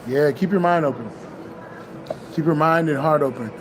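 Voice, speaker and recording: A man's voice: fairly high pitch, moderate pace, soft background music. A man giving a loose, casual spiritual pep talk, swearing freely and repeating himself as he urges listeners to keep an open heart. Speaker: spiritual vlogger.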